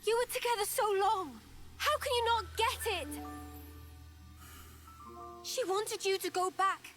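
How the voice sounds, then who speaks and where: A woman's voice: very high voice, a little slow, a bit bright. An actress voicing an impassioned young woman warrior in a video game, emotional and pleading. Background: game music.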